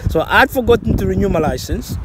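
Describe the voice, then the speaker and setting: A man from Zambia tells a personal story in a loose, chatty way, full of fillers and restarts, and laughs at his own mistakes. His voice sits a little high for a man. Faint outdoor traffic hums behind him. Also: lively intonation, quick pace. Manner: rambling with frequent restarts and fillers, laughs at himself. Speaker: vlogger. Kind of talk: casual storytelling.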